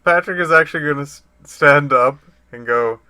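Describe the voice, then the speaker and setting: A man's voice: a little high, moderate pace, bright, forceful tone, clear, resonant tone. A man playing a tabletop game, talking hesitantly and laughing between his words. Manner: hesitant, giggly. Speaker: player.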